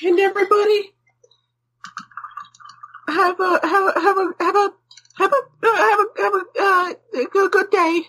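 A tiny, piping little male mascot who stammers and trips over his words. The voice sits very high and squeaky. He sounds sentimental and a bit tearful, like a cartoonish sidekick. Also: little pitch movement, normal speed, a bit bright, poor audio. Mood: sentimental farewell. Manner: stammering, repeats words, tearful farewell speech. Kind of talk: comedic character bit on a podcast.

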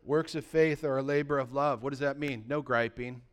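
A man preaching a sermon as pastor, swinging between loud, excited bursts and quiet, low asides. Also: moderate pace.

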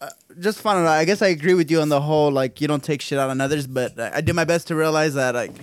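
A young man co-hosting a casual podcast, chatty and animated, often laughing. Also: fairly high pitch, fast, clear, resonant tone. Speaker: podcast co-host.

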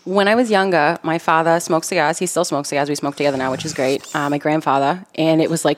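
A woman's voice: low-pitched, fairly even intonation, a little hiss or hum. A young woman with a Boston accent, chatting playfully as a podcast guest. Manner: playful, jokey, quick to laugh. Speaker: guest, smoke shop employee. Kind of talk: casual chat.

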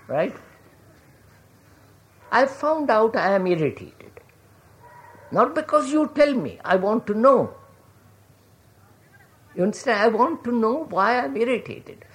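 A woman's voice: mid-range voice, big pitch swings, measured pace, long pauses. A woman giving a reflective public talk, asking questions and often checking whether listeners follow, calling them sir. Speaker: public speaker.

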